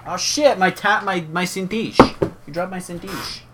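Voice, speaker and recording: A young man co-hosting a podcast, chatting casually and jokingly, swinging between loud bursts and mumbling. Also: high voice, moderate pace, very noisy. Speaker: podcast co-host. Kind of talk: casual chat.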